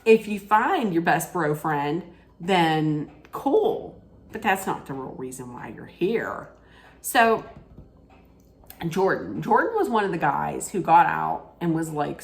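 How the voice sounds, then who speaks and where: Chatty opinionated woman, low-pitched. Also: animated, takes it slowly. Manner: chatty, opinionated, rambling with restarts. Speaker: reality TV recap vlogger. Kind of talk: casual rant-style recap.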